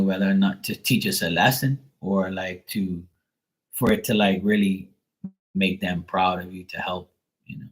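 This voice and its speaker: A man's voice: sits low, low-quality recording. Rambling man chatting on a live stream. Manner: rambling, animated storytelling with frequent "you know" and "like". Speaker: tarot reader and live-stream host. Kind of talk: casual live-stream chat.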